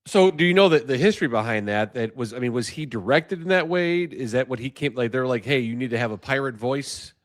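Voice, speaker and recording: Male co-host, mid pitch, dry close sound, curious and chatty. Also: lively intonation, brisk, hardly any pauses, no echo. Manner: curious, asks questions. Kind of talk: casual podcast chat.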